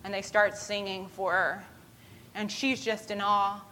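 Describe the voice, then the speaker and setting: Bright-voiced woman telling a sermon story. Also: medium pitch, a little slow, rough recording. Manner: animated retelling with voiced quotes. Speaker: preacher.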